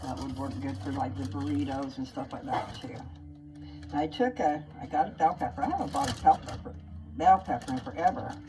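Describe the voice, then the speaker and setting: Low-voiced woman chatting folksy to viewers. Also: a little fast, noisy background. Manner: folksy, chatty, keeps checking in with "okay?". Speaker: vlogger. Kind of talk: casual chat to viewers.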